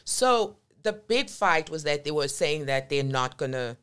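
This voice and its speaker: Woman, low voice, blunt, emphatic, swears freely, candid podcast guest. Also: expressive, measured pace, clear, resonant tone. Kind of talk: candid conversational storytelling.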